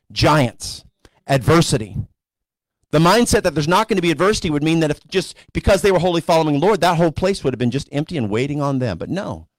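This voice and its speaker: A male pastor preaching a sermon in a conversational storytelling way, sometimes rising to animated emphasis. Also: fairly high pitch, no room sound. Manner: conversational storytelling preacher, voices characters casually.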